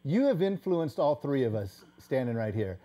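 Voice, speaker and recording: A middle-aged male radio host speaking in a measured way and addressing his guest formally. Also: mid-range voice, big pitch swings, warm tone. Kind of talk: casual radio talk.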